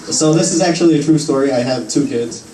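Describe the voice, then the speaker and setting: Young male comic, rambling open-mic set, slightly high voice, echoey bar, far-off mic, crowd laughing. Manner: rambling, profane, laughs at own jokes. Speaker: stand-up comedian. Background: audience laughing.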